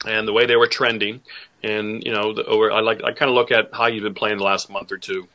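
A man's voice: lowish voice, level tone, fast, sharp tone. A man who is a guest on a sports podcast, talking casually and rambling, with lots of fillers and restarts. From Boston area family.

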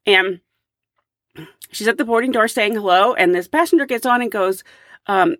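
A woman's voice: a little high, a little fast, no echo, clean studio sound. A woman podcast host who works as a flight attendant, telling a story in chatty, casual storytelling. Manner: chatty, animated, with fillers and laughs.

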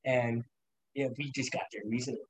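A man's voice: medium pitch, level tone, moderate pace, breathy edge, no room sound, low-quality recording. A young man casually telling rambling, profane stories on a podcast, laughing often as he talks. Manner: rambling storyteller, laughs a lot, lots of swearing. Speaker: podcast guest. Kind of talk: casual chat.

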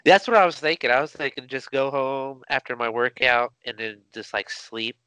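A man's voice: medium pitch, normal speed, bright, forceful tone, clear, resonant tone, dry recording. A young man co-hosting a podcast, laid-back and joking, laughing often. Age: young adult. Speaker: podcast co-host. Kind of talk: casual chat.

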